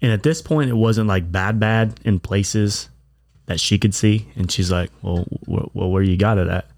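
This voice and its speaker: At a bar, a blunt, crude man co-hosting a podcast spins a rambling story in casual chat. His lowish, darkish voice moves at normal speed. The sound is dry and close, with little room around it and no echo.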